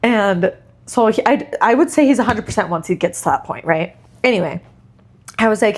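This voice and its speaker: A woman's voice: medium pitch, fairly quick, breathy edge. A mother co-hosting a podcast, telling stories in casual chat with lots of laughter. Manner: animated storyteller who laughs often.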